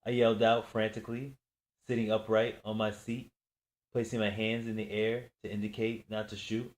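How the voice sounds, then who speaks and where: A man giving steady first-person audiobook narration of a crime story. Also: lowish voice, normal speed.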